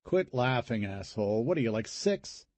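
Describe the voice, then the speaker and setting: A man's voice: medium pitch, big pitch swings, normal speed, a little mellow, no echo. A man as a weary, exasperated cop brother. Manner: exasperated, curt.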